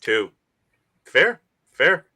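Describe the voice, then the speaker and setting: A man's voice: fairly high pitch, very animated, extremely slow, bright, forceful tone. A man hosting a casual panel discussion, laughing often and filling his talk with "like.". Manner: laughs often, heavy use of "like". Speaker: podcast host.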